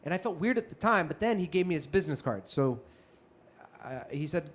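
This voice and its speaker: High-voiced animated male storyteller. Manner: animated, self-mocking, quick asides. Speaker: comedian and storyteller. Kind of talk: live stand-up storytelling.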